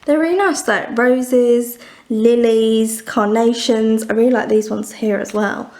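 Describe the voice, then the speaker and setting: A woman's voice: fairly high pitch, steady tone, a little slow, a little mellow. A young woman from England chatting casually in a book vlog, rambling and laughing often. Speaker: book vlogger.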